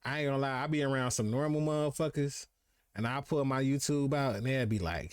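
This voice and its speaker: A young man hosting a live podcast, talking in relaxed, slangy fashion and jumping into other people's voices as he tells a story. His voice sits at a middle pitch and is recorded dry and close on a streaming mic. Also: fairly quick, smooth, no room sound. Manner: laid-back slangy storytelling, acts out quotes. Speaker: podcast host. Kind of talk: casual streamed chat.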